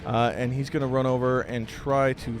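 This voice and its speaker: A man narrating a tabletop game as game master, with animated storytelling. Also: mid-range voice, normal speed, music in the background.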